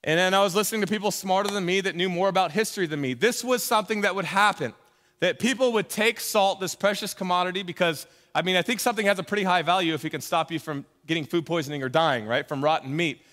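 A pastor delivering a sermon in a conversational way, mixing emphatic points with jokey asides. His voice is high and bright, and the long reverb of a church hall rings around it. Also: quick pace.

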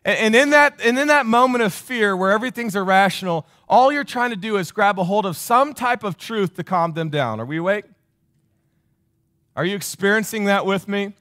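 High-voiced emphatic male pastor, dry sound. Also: moderate pace, bright, forceful tone, dry recording. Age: 40s. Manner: emphatic, repeats phrases, asks the crowd questions. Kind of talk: sermon.

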